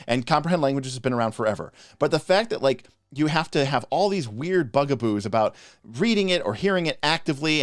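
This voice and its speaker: A man co-hosting a live stream, ranting passionately in a casual, animated way with frequent restarts. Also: medium pitch, dry recording, studio quality. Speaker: podcast co-host reviewing game spells.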